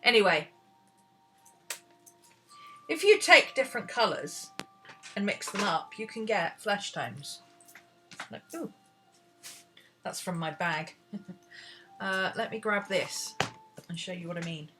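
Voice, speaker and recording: A British woman with a bright, crisp voice leads a relaxed painting lesson. She chats and rambles, musing aloud as she works, with soft music underneath. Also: medium pitch, takes it slowly, pauses often. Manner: chatty, rambling, talks to herself while searching. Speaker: art teacher. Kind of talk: casual painting tutorial.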